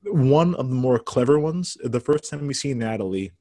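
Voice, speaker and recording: A man hosting a podcast, relaxed and chuckling as he recounts movie lines in casual chat. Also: mid-range voice, moderate pace, no room sound. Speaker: podcast host.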